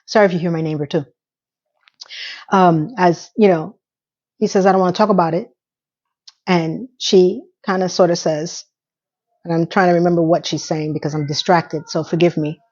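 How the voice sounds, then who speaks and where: A woman's voice: lowish voice, steady tone, moderate pace, pauses often, darkish tone, muffled recording. A woman hosting a casual episode recap, chatty and emotional, holding back tears as she retells scenes at home. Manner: chatty, with fillers and self-interruptions. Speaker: recap podcast host.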